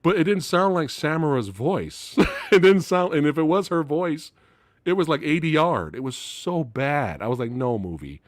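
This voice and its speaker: A man's voice: on the high side, big pitch swings, moderate pace, dry recording, clean studio sound. A man hosting a casual live-stream movie talk, exasperated and profane, laughing as he goes. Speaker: movie channel host.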